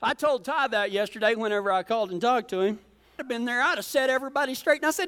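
A preacher from Colorado telling a humorous travel story in a folksy, joking way during a sermon. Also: male voice, very high voice, fast, fairly bright tone, smooth. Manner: folksy, joking, self-teasing.

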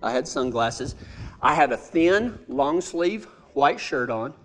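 Give me a high-voiced man spinning a folksy, self-amused yarn. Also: expressive, slow. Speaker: storyteller. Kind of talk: humorous personal storytelling.

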